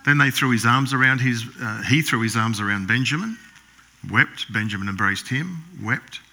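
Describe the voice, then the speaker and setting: This sermon comes from a man who preaches by narrating, whispering the characters' dialogue and repeatedly clearing his throat. He has a medium-pitched voice and keeps a moderate pace.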